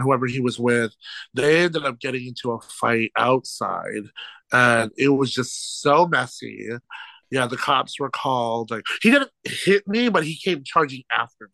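Bright, lively storytelling man. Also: medium pitch, gravelly, no room sound, rough recording. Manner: animated, laughs through stories, quotes people in lively voices. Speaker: podcast guest, drag show host. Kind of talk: casual storytelling chat.

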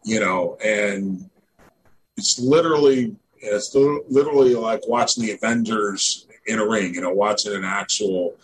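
A middle-aged man from Missouri speaks in a fairly low voice, looping through his memories with plenty of "you know" and "man". His talk is relaxed, conversational and digressive, like a guest on a podcast. A faint hiss of noise sits underneath the recording. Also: a little slow, rough recording. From Northeast Missouri, USA. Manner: rambling, heavy on fillers like "you know" and "man". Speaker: guest, former pro wrestler. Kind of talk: casual interview storytelling.

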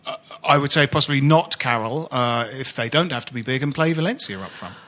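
Bright-voiced rambling football podcaster. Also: male voice, mid-range voice, a little fast. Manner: rambling, chuckling, many fillers. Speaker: podcast co-host, football fan. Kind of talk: casual chat.

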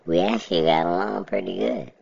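Gravelly, very deep-voiced man. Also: brisk, darkish tone, lo-fi sound. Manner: blunt, colloquial, laughing asides. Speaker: podcast host. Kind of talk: casual storytelling monologue.

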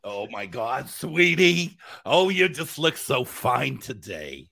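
A man's voice: on the high side, normal speed, gravelly, slightly rough, no room sound, exaggerated voice. A man doing a gushing, sassy woman. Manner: gushing, flattering.

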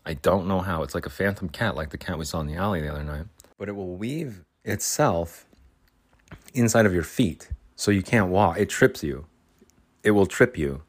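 A deep-voiced man hosts his podcast alone from a makeshift room at home. He talks casually, rambling from one tangent to the next and joking as he goes. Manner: rambling, jokey asides, voices his cats' imagined plotting. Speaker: podcast host. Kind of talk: casual solo podcast monologue. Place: makeshift break room at home, fridge and cats nearby.

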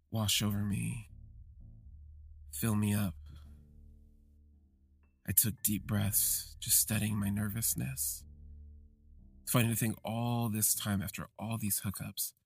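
A young adult man hosting a podcast, telling a confessional first-person story in slow, halting, reflective phrases. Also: on the low side, creaky, husky. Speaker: podcast host.

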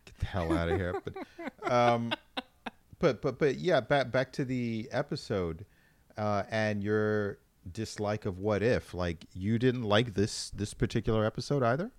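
A man's voice: lowish voice, very animated, measured pace, no echo. A man co-hosting a podcast in casual chat, laid-back and joking, with some swearing. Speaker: podcast co-host.

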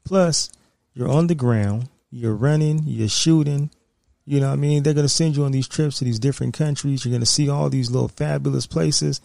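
A man telling a personal story in a casual, streetwise and profane way, acting out scenes with lively energy. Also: medium pitch, moderate pace, creaky, dry recording.

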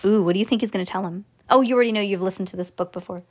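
A woman's voice: medium pitch, rapid-fire, darkish tone. A woman reading a children's book aloud at home, playful and chatty, with asides between passages. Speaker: storybook reader. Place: home, on a bed.

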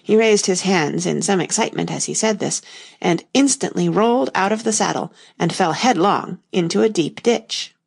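Low, gravelly woman narrating a storybook. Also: normal speed. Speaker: audiobook narrator. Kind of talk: scripted narration.

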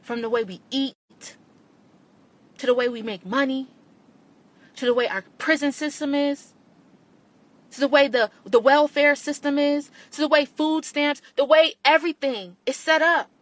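A woman's voice: high voice, fairly even intonation, measured pace, dry recording. A woman podcast host, giving an impassioned monologue and repeating lines for emphasis.

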